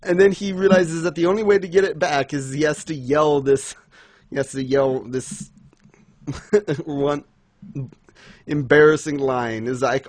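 A man's voice: on the high side, a little slow, long pauses, dry recording. A man chatting casually on a podcast, recapping a manga chapter with frequent laughter and enthusiasm. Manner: giggly, enthusiastic, laughs often while recapping. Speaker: podcast co-host. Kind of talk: casual manga review chat.

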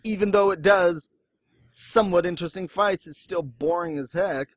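Male podcast co-host, casual and lively, leaps into high quote voices; fairly high pitch, dry recording. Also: moderate pace, dry recording. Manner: animated, jumps into high exaggerated quote voices. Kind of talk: casual chat about manga.

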